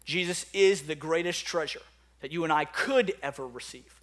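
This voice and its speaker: A man preaching a sermon, telling stories with lively energy and acting out his own panic in quick bursts. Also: a little high. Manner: animated storytelling, acts out his own panic. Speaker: pastor.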